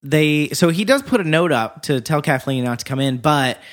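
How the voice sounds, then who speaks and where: A man's voice: fairly high pitch, animated, normal speed. A man co-hosting a podcast, loosely rambling through a casual film discussion as he retells scenes. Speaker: podcast co-host.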